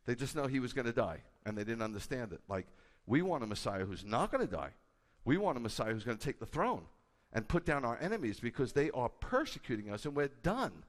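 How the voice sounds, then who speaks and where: A man, a rabbi, preaching a sermon with a conversational manner and bursts of loud, emphatic delivery. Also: mid-range voice, brisk, hardly any pauses. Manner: animated, rising to loud emphatic peaks. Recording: hall with long reverb.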